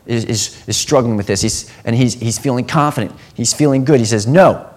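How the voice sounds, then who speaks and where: A man preaching a sermon, earnest, dropping to a hushed tone and then rising to emphatic passages. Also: medium pitch, brisk.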